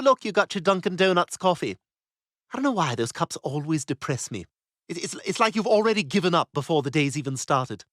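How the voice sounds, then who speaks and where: A man's voice: a little high, a bit bright, no room sound, clean studio sound. An actor voicing a snobbish, catty toddler boy who talks in a pompous, sarcastic way.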